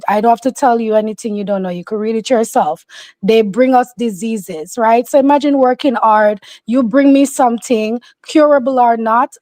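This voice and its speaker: Emphatic, opinionated woman with a high voice. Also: a little mellow, no room sound. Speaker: commentator. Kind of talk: casual opinion commentary.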